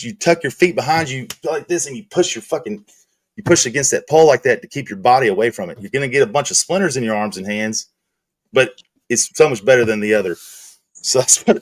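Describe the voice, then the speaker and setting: A man's voice: medium pitch, no room sound. Laid-back, swearing man telling stories. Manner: rambling, profane, laid-back. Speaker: stream host. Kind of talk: casual storytelling chat.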